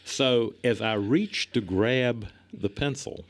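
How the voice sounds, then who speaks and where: A man in his sixties, a police chief, telling animated anecdotes as a podcast guest. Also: mid-range voice, takes it slowly. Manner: animated anecdotes, acts out other people's lines, laughs often. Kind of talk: casual storytelling in a podcast interview.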